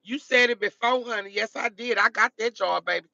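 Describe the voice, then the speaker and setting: A woman with a high, gravelly voice chats emphatically to her viewers, repeating herself and calling them baby and honey. The sound is bright and dry, picked up on a phone with dull lo-fi audio. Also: fairly quick, dry recording. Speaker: live-streaming vlogger. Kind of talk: casual live-stream chat to viewers. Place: in a car.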